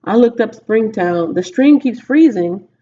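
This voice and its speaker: A woman's voice: fairly high pitch, animated, unhurried, mellow, highs cut off. A Texan woman livestreaming from home, chatting casually and rambling as she thinks aloud to viewers. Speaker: livestreaming vlogger.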